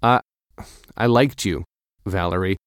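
Hurt, earnest teen boy, read by a man; low and dry storybook delivery. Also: unhurried, no room sound.

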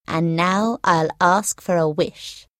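Woman reading as a bossy goblin captain, loud and threatening, slow low voice. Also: no echo, clean studio sound. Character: angry male goblin captain, commanding and threatening.

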